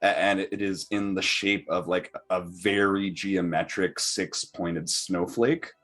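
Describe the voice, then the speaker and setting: A man's voice: low-pitched, fairly even intonation, takes it slowly, a bit bright. A man narrating as game master of a tabletop game, with stammering restarts and many fillers.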